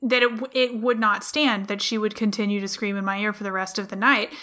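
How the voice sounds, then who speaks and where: Bright-voiced woman telling a wry story. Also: mid-range voice, steady tone, brisk. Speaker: podcast co-host. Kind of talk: casual storytelling chat.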